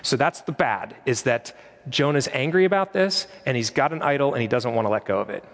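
A man's voice: medium pitch, a little fast, fairly bright tone, big-room sound. A man preaching a sermon in an earnest, conversational way, now and then quoting prayers aloud. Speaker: pastor.

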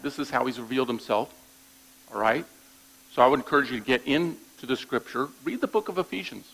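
Male pastor, gravelly mid-pitched voice, plainspoken conversational sermon delivery. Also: a bit bright, poor audio. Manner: conversational preaching with frequent "all right?" check-ins; repeats words when restarting thoughts.

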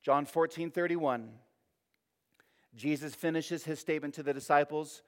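A man's voice: on the high side, normal speed. A man preaching a sermon with emphatic delivery, rising and falling and repeating phrases for effect. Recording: long reverb of a hall.

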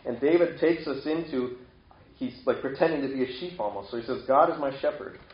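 A man's voice: medium pitch, fairly quick. A man preaching a casual, conversational sermon, now and then acting out animal voices. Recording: roomy, slightly dull sound.

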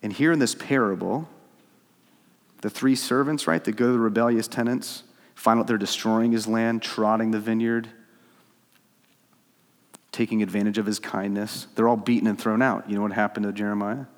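Male preacher with a low voice, delivering a sermon with dramatic shifts from loud to hushed, in a reverberant hall. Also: moderate pace, long pauses. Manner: animated preaching, voices God's pleas, swings from loud to hushed. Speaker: pastor.

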